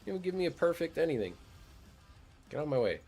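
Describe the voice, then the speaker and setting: A man's voice: a little high, very animated, fast talker, warm tone, faint music behind. A man casually chatting over his gameplay as a streamer, laid-back and rambling, swearing now and then. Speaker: gaming streamer.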